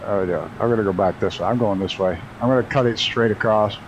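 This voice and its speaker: A man's voice: fairly low pitch, fast talker, muffled recording, a little hiss or hum. A man casually talking to his chat while flying a flight simulator, swearing freely and laughing at his own mistakes. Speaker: flight sim streamer. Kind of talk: casual live-stream commentary.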